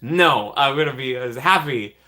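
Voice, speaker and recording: Bright-voiced man thanking livestream donors. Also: mid-range voice, lively intonation. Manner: grateful, reads out donations with quick repeated thanks and laughs. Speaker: livestream host. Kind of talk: casual livestream chat.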